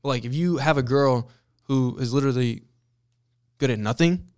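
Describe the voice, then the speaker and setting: A man's voice: medium pitch, normal speed, a little mellow, clean tone. A young man co-hosting a casual podcast chat, blunt and swearing freely. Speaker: podcast co-host.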